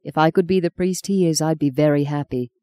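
A woman's voice: sits low, a little fast, dark tone, no echo, lightly acted. Woman voicing an earnest young would-be priest. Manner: pleading, heartfelt. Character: earnest young man set on becoming a priest. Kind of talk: audiobook character reading.

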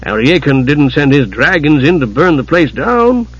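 A man reading an audiobook, voicing a gentle innkeeper husband who speaks quietly and soothingly in a husky voice. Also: fairly high pitch, very animated, normal speed, muffled recording.

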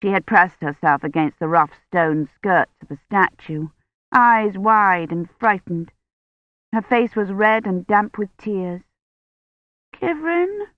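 A woman narrating a novel in a calm, measured reading voice. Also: mid-range voice, no room sound. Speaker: audiobook narrator. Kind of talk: scripted narration. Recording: dry, tinny phone-like sound.

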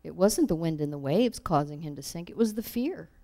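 A woman teaching a Bible lesson, reading verses aloud and acting out the quoted lines with animated emphasis. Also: low-pitched, fairly quick. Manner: animated, acts out scripture quotes.

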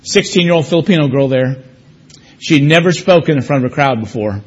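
Husky-voiced male preacher telling stories. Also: a little high, lively intonation, a little fast, highs cut off. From United States. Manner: storytelling preacher, emphatic, varied pace. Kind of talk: sermon with personal stories.

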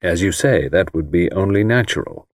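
A man reading the part of a precise, disapproving older lawyer in an audiobook, measured and formal, choosing his words carefully. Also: deep voice, animated, no room sound, clean studio sound.

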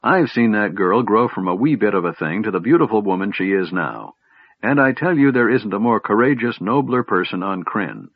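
A man puts on a cranky old dwarf with a husky, gruff edge. He scolds with wide swings of pitch, snorting his scorn. The sound is dry and a little dull, like a plain audiobook recording. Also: lively intonation, moderate pace, no room sound. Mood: scornful. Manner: snorting, stammering through chattering teeth. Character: old grumpy male dwarf, gritty and scolding.

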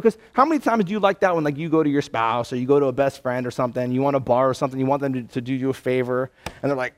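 A man's voice: mid-range voice, rapid-fire. A man preaching a sermon in a loose, conversational way, full of "man" and "you know". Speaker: pastor.

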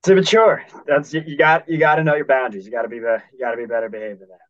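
A man's voice: mid-range voice, steady tone, racing. A man co-hosting a baseball podcast, chatting casually and often restarting his sentences. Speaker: podcast co-host. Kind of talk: casual sports chat. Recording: dull, dry sound.

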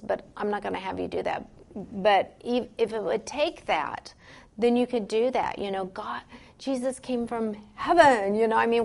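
A woman's fairly high, creaky, slightly mellow voice guides a group workshop on memorizing Bible verses. She's encouraging and talkative, leaning on "like" and "you know," and reads the scripture aloud at a slow pace as she instructs the class.

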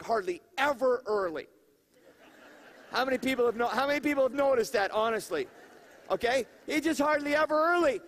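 A man preaching a conversational sermon in an animated way, with laughing asides and questions to the congregation. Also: extremely high pitch. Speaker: pastor.

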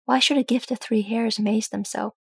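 A woman voicing an earnest noble soldier who speaks low and gravely. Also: fairly even intonation, a little fast, no room sound, studio quality, heavily acted.

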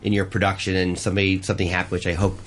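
A man's voice: sits low, little pitch movement, a bit bright, slight background noise. A man speaking as a chef guest on a radio show, rambling and restarting as he explains sourcing. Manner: rapid, rambling, restarts often. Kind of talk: casual radio interview. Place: radio studio.

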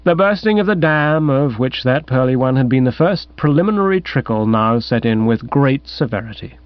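A man narrating a comic first-person story in a wry, animated storytelling manner. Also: medium pitch, normal speed, no room sound. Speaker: audiobook narrator. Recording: dull, dry recording.

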